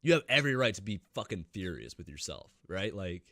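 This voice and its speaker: A man co-hosting a gaming podcast, chatting loosely and swearing freely. His voice sits low but cuts through with a bright, forceful tone and jumps around a lot in pitch. The sound is close and dry. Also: no room sound. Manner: animated, profane, quick to laugh. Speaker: podcast co-host. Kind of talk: casual chat.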